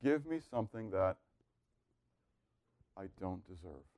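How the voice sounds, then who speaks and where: A man teaching a Bible class, asking questions and waiting for answers, swinging from loud emphasis to near-murmured asides. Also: low-pitched, animated, a little slow, dry recording.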